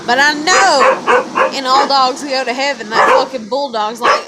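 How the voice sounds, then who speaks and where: Woman vlogger, high voice, profane rambling rant to camera, noisy room. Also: moderate pace. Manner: profane, rambling, swings between bitter and teary. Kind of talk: drinking and ranting to camera.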